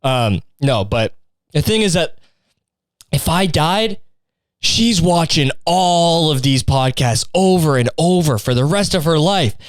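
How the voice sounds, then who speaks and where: Young male podcast host, crude and rambling, slightly high voice. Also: expressive, takes it slowly, no echo, clean studio sound. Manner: crude, rambling, heavy profanity. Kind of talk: casual solo podcast rant.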